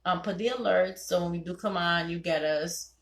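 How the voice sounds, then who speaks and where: Animated woman hosting a ladies' night call. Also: on the low side, normal speed, vocal fry, reverberant. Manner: animated, preachy, quotes her husband in voices. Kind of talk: casual talk to listeners.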